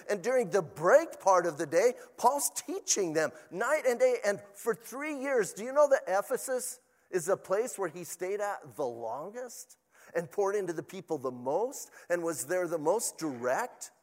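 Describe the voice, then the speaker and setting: Older male pastor, conversational sermon, slightly high voice, long hall reverb. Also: normal speed. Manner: conversational preaching, animated storytelling with asides.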